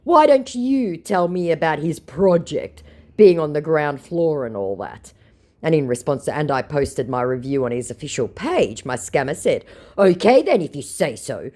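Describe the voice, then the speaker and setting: Woman vlogger, low voice that swings widely, sarcastic read of chat logs. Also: animated, normal speed, a little mellow. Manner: sarcastic, mocking, voices the scammers in a higher pitch. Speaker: scambaiting channel host. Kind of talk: reading chat logs aloud, casual vlog.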